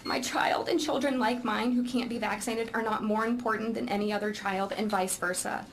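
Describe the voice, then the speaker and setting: Woman, parent giving committee testimony; earnest, emotional, measured delivery, faint background noise. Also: mid-range voice, fairly even intonation. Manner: earnest, emotional, slow and deliberate. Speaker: parent testifying at a legislative hearing. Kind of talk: reading prepared testimony.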